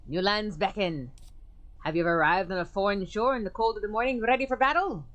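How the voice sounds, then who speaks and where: A woman voicing a boastful old male ex-soldier, brisk and hearty. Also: medium pitch, fairly bright tone, lightly acted.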